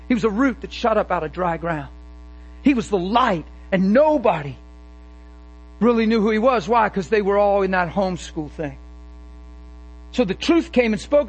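A man preaching a sermon with fervent emphasis and quick rhetorical questions. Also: sits high, lively intonation, breathy edge, low-quality recording.

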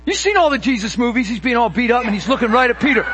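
A man preaching a sermon with fervent emphasis and quick rhetorical questions. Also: extremely high pitch, animated, noisy background.

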